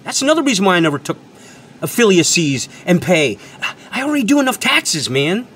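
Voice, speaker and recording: This man's high voice is very animated, fairly quick, and a bit bright, with a little hiss or hum in the recording. He runs his own channel reviewing products and is mid-rant, lecturing viewers unscripted, emphatic, repetitive, and freely profane.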